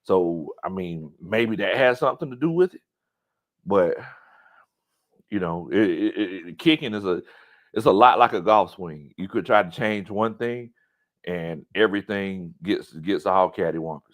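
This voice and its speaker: A man's voice: low-pitched, expressive, moderate pace. A man hosting a casual sports talk stream, reading viewer comments aloud with loose, stumbling speech and frequent laughter. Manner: loose, repeats words, laughs often. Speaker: sports talk show host.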